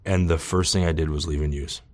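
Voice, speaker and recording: A man openly telling his own recovery story, earnest and halting, with many restarts and "you know.". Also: a bass voice. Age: adult with children. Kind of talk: candid personal testimony.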